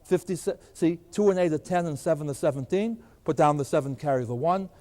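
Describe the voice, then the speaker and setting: A man's voice: fairly high pitch, fairly quick, warm tone. Older guy teaching math, keeps asking "what?" then answers it himself, reverby lecture room. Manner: asks questions and answers them himself. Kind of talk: recorded classroom lecture. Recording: long hall reverb.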